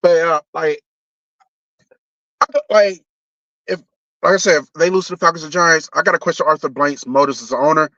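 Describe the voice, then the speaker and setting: A man's voice: fairly high pitch, fairly even intonation, a little fast, pauses often, pushed and bright, dry recording. A young man, ranting casually about sports on a live stream, blunt and profane, often restarting his sentences. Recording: dull lo-fi stream audio.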